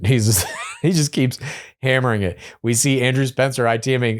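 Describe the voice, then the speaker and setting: Chatty man recapping a reality show. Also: mid-range voice. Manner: chatty and opinionated, with quick asides. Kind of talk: casual episode recap commentary.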